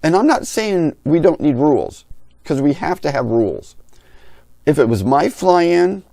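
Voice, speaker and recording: A middle-aged RC pilot who hosts a hobby channel tells a story as a candid rant, blunt and opinionated, as if talking with his hands in words. His voice is fairly high, creaky and dark, swinging widely in pitch at an unhurried pace, in a dry, studio-quality recording.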